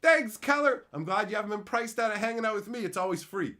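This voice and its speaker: A man's voice: high-pitched, animated, quick pace, hardly any pauses, bright, forceful tone. A man live streaming and chatting with viewers. He reads their messages aloud and rants in a frustrated voice, swearing often. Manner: ranting, frustrated, swears a lot.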